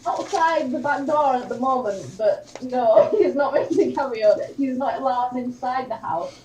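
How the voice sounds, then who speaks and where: Woman co-host, mellow, giggly, distant echoey room sound. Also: sits high, moderate pace, slight background noise. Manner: giggly, friendly. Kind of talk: casual livestream chat. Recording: echoey room, far from the mic.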